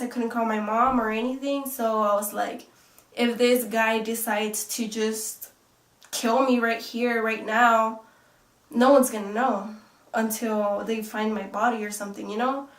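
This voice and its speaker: A woman's voice: on the high side, steady tone, unhurried, recorded from a distance. A young woman vlogger telling a story in a rambling way, full of fillers and swearing. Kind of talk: casual storytelling. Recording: echoey room, off-mic.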